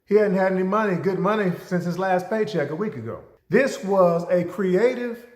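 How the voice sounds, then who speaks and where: Animated male lecturer telling stories. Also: a little high. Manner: animated, acts out scenes, rhetorical questions. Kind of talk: storytelling lecture. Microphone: camera. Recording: roomy echo.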